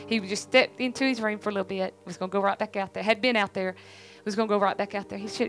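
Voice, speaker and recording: A middle-aged woman with a drawl speaks to a church congregation, earnest and emphatic, circling back on her phrases. Her voice sits at an ordinary pitch, with soft music faintly underneath. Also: steady tone, fast talker, poor audio. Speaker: church speaker, pastor's family. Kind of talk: church testimony talk.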